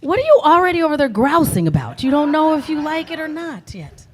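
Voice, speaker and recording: A woman's voice: sits high, big pitch swings, a little fast, a little mellow. A woman hosting a live comedy game show, bubbly and laughing often.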